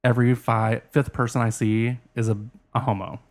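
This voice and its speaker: A man co-hosting a casual podcast, playful and teasing with quick jokes. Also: mid-range voice, little pitch movement, a little mellow. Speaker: podcast co-host. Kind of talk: casual chat.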